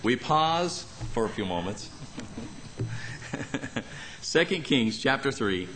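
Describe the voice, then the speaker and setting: A man's voice: takes it slowly, noisy background. A man preaching a sermon in a church, acting out the people in the passage and adding humorous asides. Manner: animated, acts out Bible characters with jumps in pitch. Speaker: pastor. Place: church sanctuary.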